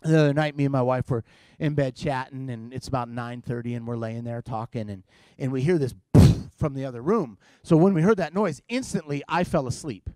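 A middle-aged man preaching in a comic storytelling way, self-deprecating and full of halting restarts. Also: mid-range voice, a little mellow, no room sound, studio quality. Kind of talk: comedic sermon storytelling.

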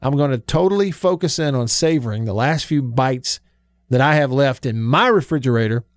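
A man hosting a sports radio show, chatting in a folksy, easygoing way with drawn-out emphasis. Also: mid-range voice, expressive, dry recording, clean studio sound. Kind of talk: casual sports talk radio. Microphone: studio microphone.

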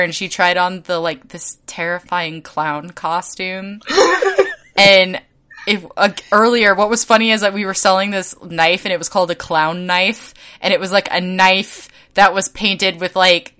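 A young woman co-hosting a podcast, telling stories in a casual, animated way and laughing often. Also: medium pitch, measured pace, clean tone. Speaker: podcast co-host. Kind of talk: casual chat.

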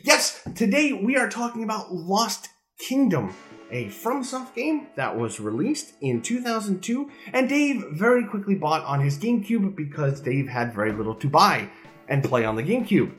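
A man's voice: high-pitched, sing-song, normal speed, soft background music. A man in his thirties co-hosting a casual podcast about retro games, talking in a jokey, rambling, playful way from a room at home. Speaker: podcast co-host. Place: home room with open window.

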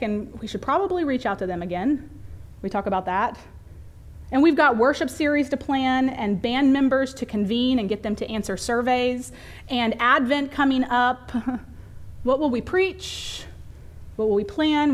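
A woman pastor preaching a conversational sermon in a church, laughing lightly at herself now and then. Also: fairly high pitch. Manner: conversational, self-deprecating, laughs often. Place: church sanctuary.

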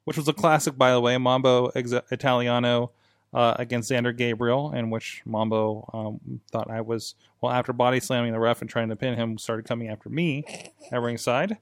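A male podcast host in a studio, telling match stories in a casual, animated way and laughing as he goes. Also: medium pitch, moderate pace, no room sound. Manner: animated storyteller, laughs while recounting. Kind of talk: casual chat.

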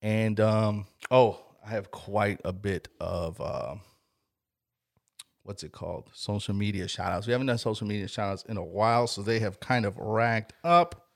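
A man co-hosting a podcast in casual chat, reading out listener shout-outs and plugs. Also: fairly low pitch, moderate pace, creaky, dry recording, studio quality. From Chicago area. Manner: reads listener shout-outs hyped, like a strip-club announcer. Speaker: podcast co-host. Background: music.

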